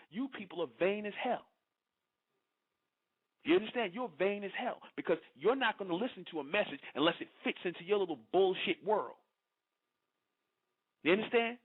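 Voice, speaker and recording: A man, delivering a preachy, confrontational monologue to his followers and asking again and again whether they understand. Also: high voice. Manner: confrontational, repeats "you understand?". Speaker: online speaker addressing followers. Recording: phone-like lo-fi audio.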